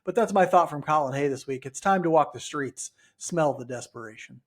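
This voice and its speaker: A man's voice: on the high side, expressive, fairly quick. Wry man joking on a sports podcast. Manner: wry, joking, dry asides. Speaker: podcast co-host. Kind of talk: casual sports chat.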